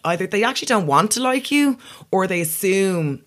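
A woman's voice: medium pitch, lively intonation, moderate pace, fairly bright tone. A young woman comedian with a posh South Dublin accent, chatting casually and mocking herself. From Ireland. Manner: chatty, self-mocking, laughs often. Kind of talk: casual podcast chat.

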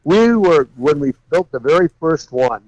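A man guest, a custom car builder, telling folksy, animated stories and laughing along the way. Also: fairly high pitch, moderate pace, no echo, lo-fi sound. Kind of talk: anecdotal storytelling.

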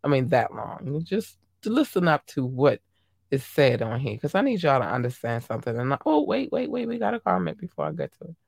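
A podcast host chatting casually on a livestream, gushing and affectionate, calling listeners babies and darlings, with the voice leaping between low murmurs and high squeals. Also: big pitch swings, brisk, creaky, dry recording, studio quality.

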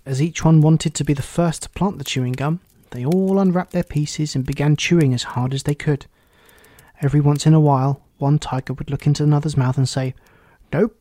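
A man narrating a children's storybook aloud in a steady, clear reading voice. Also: on the high side, no room sound.

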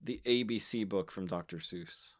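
Very low-voiced woman, dry quips. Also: moderate pace. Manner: dry, quippy interjections. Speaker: podcast co-host. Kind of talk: casual podcast chat.

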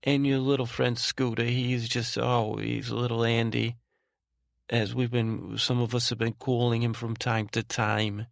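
A man's voice: medium pitch, flat delivery, a little slow, creaky, dry recording, studio quality. A man playing Ray, a tenderhearted man who rambles and stumbles over his words in a bedtime monologue. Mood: tender. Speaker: podcast host in character.

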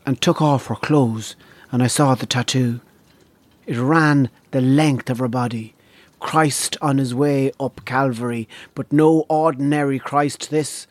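A man from Donegal with an Irish accent, telling a comic story in a wry, deadpan way. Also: medium pitch, no room sound. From Donegal, Ireland. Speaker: comedian.

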